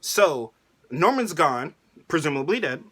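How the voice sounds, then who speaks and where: A man vlogging a casual, excitable anime review rant, laughing often and using slang. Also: on the high side, a little slow, slightly rough.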